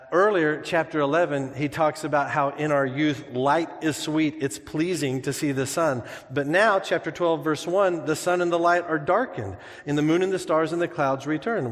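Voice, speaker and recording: A man preaching a sermon in a church, conversational and humorous, telling stories and jokes as he explains scripture. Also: on the high side. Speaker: pastor. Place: church sanctuary. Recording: long hall reverb.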